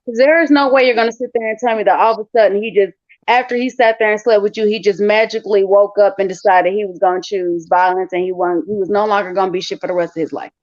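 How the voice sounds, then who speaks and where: A woman telling a personal story on a podcast, frank and measured, with fillers. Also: mid-range voice, fairly even intonation, dry recording, highs cut off. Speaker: podcast co-host.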